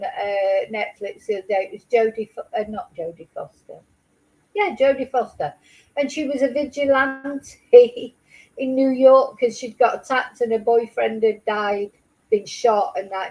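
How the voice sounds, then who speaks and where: A woman's voice: on the high side, a little mellow, rough recording. A woman vlogging her reaction to a news clip, emotional and angry, swearing in outbursts. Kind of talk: casual commentary.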